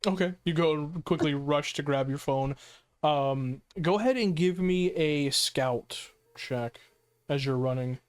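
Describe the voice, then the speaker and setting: Male game master, slow descriptive narration, filler-heavy. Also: fairly high pitch, smooth.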